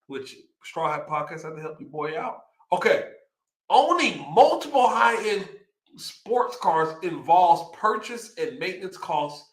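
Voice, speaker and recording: A young man with a Texan accent hosting a casual livestream, excitedly reading out numbers and riffing on them. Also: high voice, a little slow, echoey room. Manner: excitable, hyped, reads figures aloud and riffs. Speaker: livestream host.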